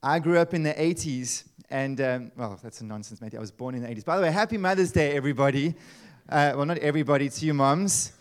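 A man, preaching a sermon in a lively, conversational way with asides and rhetorical questions. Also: a little high, fast, clear, resonant tone. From South Africa. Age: 30s. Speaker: pastor.

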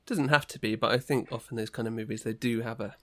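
A man co-hosting a podcast in casual chat, relaxed, teasing and full of questions. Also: mid-range voice, fast talker. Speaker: podcast co-host.

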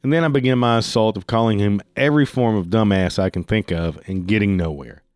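A man with a fairly low voice tells a story casually, swearing freely as he gets heated. The recording is dry and close, with no room sound. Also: fairly quick, a little mellow, clear, resonant tone, no room sound.

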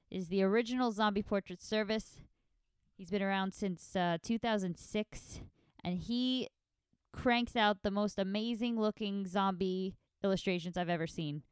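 A woman's voice: medium pitch, smooth, no echo, clean studio sound. A woman hosting a casual solo podcast, sounding nasal from allergies, rambling in a chatty, self-deprecating way. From New York. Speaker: podcast host.

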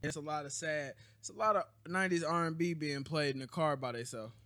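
A man's voice: a little high, brisk, a bit bright, no echo. A man hosting a casual podcast chat, opinionated and teasing, full of slang. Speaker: podcast host.

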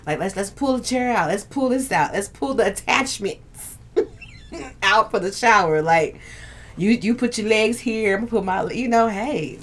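A woman's voice: medium pitch, expressive, unhurried, slight background noise. A young woman hosting a casual livestream, bantering with viewers, reading their comments aloud and laughing often. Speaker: livestream host. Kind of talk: casual live chat.

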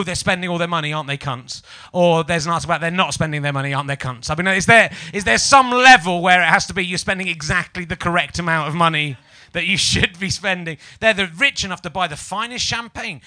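A male comedy podcast host speaks with a high, brilliantly bright voice captured close and dry. He rants with sarcastic mock outrage to a live audience. The tone stays quick-witted and playful. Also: dry recording. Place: live show venue before an audience.

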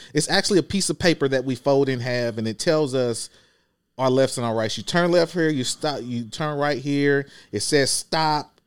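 Bus driver guest: mid-range male voice, plain-spoken, animated when acting out his route, dry recording. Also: mid-range voice, smooth, dry recording. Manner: animated, acts out scenes with quick voiced asides. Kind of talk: casual podcast chat. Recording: dry close mic.

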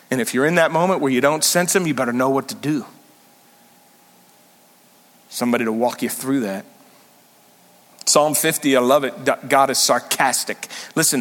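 Animated preaching pastor in a reverberant hall. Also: male voice, mid-range voice. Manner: animated, emphatic preaching with sudden loud rises. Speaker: senior pastor. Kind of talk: sermon.

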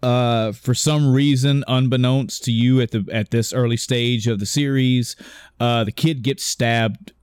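A man's voice: medium pitch, fairly even intonation, unhurried, darkish tone, smooth, dry recording. Rambling male podcast co-host, dry sound. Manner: rambling, self-correcting storyteller who swears casually; acts out characters' lines while retelling. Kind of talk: casual chat.

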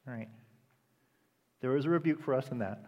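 A man preaching a sermon with impassioned delivery that rises to loud, emphatic peaks. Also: mid-range voice, fairly quick, lo-fi sound. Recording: long reverb of a hall.

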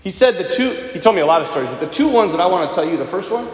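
Animated preaching man in an echoey hall. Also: high voice, racing. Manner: animated storytelling, acting out quoted voices. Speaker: priest. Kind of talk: sermon.

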